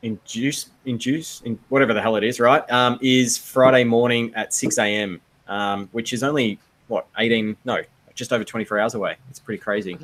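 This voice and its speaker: A man co-hosting a casual video-call chat, relaxed and rambling, laughing often. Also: mid-range voice, brisk, few pauses, poor audio. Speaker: podcast co-host.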